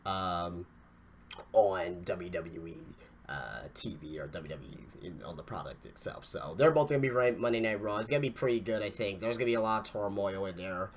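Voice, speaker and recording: A man's voice: low voice, animated, moderate pace, slight background noise. A man hosting a wrestling podcast, reviewing an event in casual talk with swearing and lots of stammered restarts. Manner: ranting, profane, stammering restarts.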